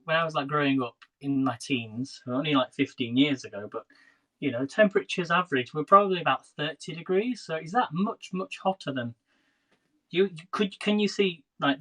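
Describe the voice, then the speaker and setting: A man's voice: medium pitch, fairly bright tone, low-quality recording. A man in his thirties hosting a casual cooking livestream from his home kitchen, chatting with viewers as he works. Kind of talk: casual live cooking chat. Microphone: phone livestream. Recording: kitchen clatter and clicks behind.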